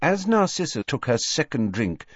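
A man narrating an audiobook in a measured, expressive storytelling manner, recorded dry and dull. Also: medium pitch, no echo. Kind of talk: scripted narration.

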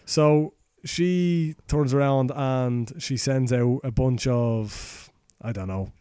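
Irish man, podcast host, loose sweary storyteller, warm dark tone, dry close sound. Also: mid-range voice, takes it slowly, smooth, no room sound. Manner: crude, sweary, rambling retelling. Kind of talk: casual comic storytelling.

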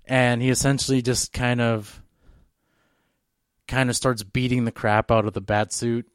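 A man's voice: medium pitch, little pitch movement, measured pace, smooth, dry recording, clean studio sound. A man co-hosting a podcast, telling a long story in a rambling, casual way. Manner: rambling, full of fillers and restarts. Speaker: podcast co-host.

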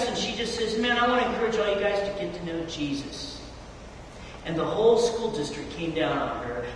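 Middle-aged male preacher, very high voice, storytelling sermon that swells and falls, heard from far off in a church hall. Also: slight background noise. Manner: storytelling preacher, voice surging high and loud on quotes then dropping soft. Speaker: youth pastor.

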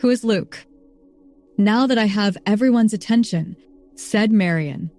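A woman narrating a story in an even, steady reading voice. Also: medium pitch, a little slow, soft background music. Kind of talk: scripted narration.

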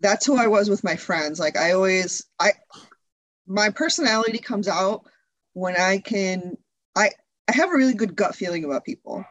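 A talkative woman in a candid interview, laughing often and circling back with quick restarts. Her voice sits mid-height for a woman and is recorded dry and close, with no room sound at all. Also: mid-range voice, no room sound, poor audio. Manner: chatty and candid, frequent laughs, many filler restarts. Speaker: interview guest, video creator.

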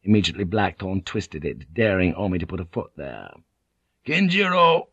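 A man reading a novel aloud in measured, tense scripted narration. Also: low voice, lively intonation, gravelly, slightly rough, no room sound, lo-fi sound. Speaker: audiobook narrator.

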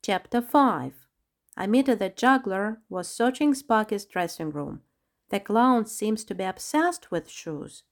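A woman's voice: mid-range voice, animated, a little slow. A woman narrating a children's storybook and reading every character's lines herself. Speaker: storybook reader.

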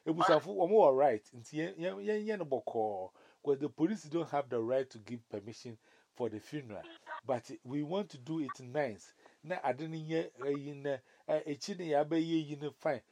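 A man with a Ghanaian accent telling stories in a casual chat, animated and full of restarts. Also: a little high, moderate pace.

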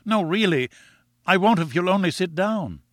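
Reading aloud, a man voices an earnest, lovestruck young man eagerly pleading with the woman he loves. He pitches his voice high, above his own natural range, with lively intonation at normal speed, in clean studio sound with no room echo.

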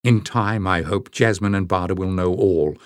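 A man reading a storybook voicing a tactful, secretive young man who speaks softly and reflectively. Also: low-pitched, moderate pace, dry recording, studio quality, lightly acted. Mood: brooding. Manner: soft, reflective.

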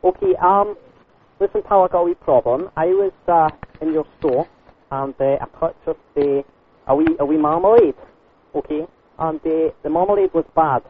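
A man's voice: a little high, big pitch swings, moderate pace, vocal fry, a little hiss or hum. A man putting on a shaky fake Scottish accent as a pushy, rambling customer on a prank call. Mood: complaining. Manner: rambling, repetitive, slips into swearing. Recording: tinny phone line.

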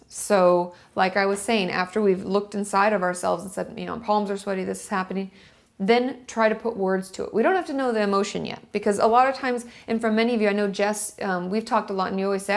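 Woman vlogging to her camera, chatty and explaining stuff step by step, kinda gravelly voice, middle pitch. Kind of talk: casual teaching monologue to camera.

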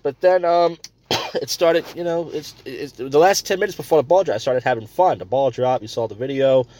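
A man's voice: mid-range voice, a little fast, a little mellow. A man hosting a comedy podcast, ranting crudely and rambling between stories. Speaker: podcast host.

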